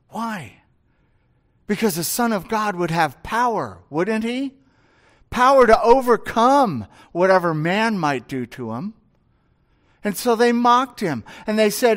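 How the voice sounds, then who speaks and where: A male pastor delivers a sermon in a high, light voice. He takes his time and lets each point land slowly. He often turns to the congregation with rhetorical questions. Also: big pitch swings. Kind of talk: expository sermon.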